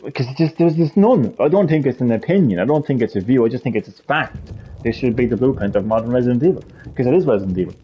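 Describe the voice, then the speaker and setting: A man's voice: medium pitch, animated, quick pace, muffled recording, slight background noise. A man live streaming a heated gaming rant, swearing a lot and repeating his points with emphasis.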